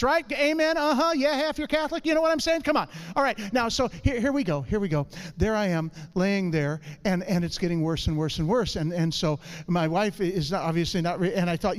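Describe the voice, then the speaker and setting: High-voiced man telling a funny church story. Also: fairly quick. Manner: animated storyteller, calls for audience response. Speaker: church speaker. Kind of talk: humorous testimony to a congregation.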